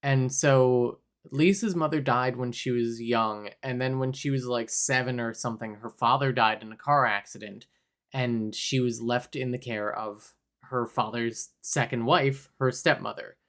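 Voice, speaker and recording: A man co-hosting a movie podcast in casual chat. He recaps the plot wryly, jumping in and out of quick voices for the characters. His pitch sits in an ordinary middle range. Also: steady tone, fairly bright tone. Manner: wry, acts out characters' lines in quick bursts. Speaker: podcast co-host.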